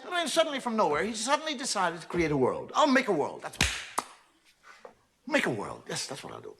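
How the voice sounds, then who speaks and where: A bored, whimsical God, as a man puts him on muttering to himself and then barking out sudden exclamations. The pitch leaps all over and sits a little high. The sound is a noisy archival television recording. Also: wildly swooping pitch, fairly quick, vocal fry, exaggerated voice. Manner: offhand, muttering, with abrupt exclamations. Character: bored, whimsical male God making the world.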